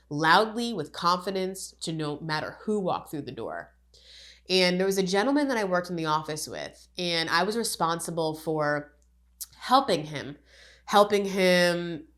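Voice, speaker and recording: A woman coach talks through a personal story in a lowish voice. She is earnest and candid, acting out the dialogue she recalls before turning it into advice for the listener. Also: a bit bright. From Connecticut, USA. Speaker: life coach. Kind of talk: podcast monologue, personal storytelling.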